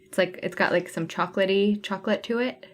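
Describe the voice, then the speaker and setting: A woman's voice: mid-range voice, brisk, soft background music. Chatty woman hosting a stitching livestream. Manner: chatty, thinking aloud while sorting flosses. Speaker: cross-stitch livestream host. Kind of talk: casual livestream chat.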